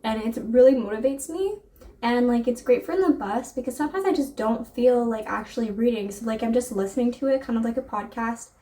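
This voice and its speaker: A woman's voice: on the high side, a little fast, dark tone, far from the mic. A young adult woman chatting casually about books, gushing and filling her talk with "like". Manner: gushing, filler-heavy "like" talk. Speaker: book vlogger. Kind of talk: casual chat to camera.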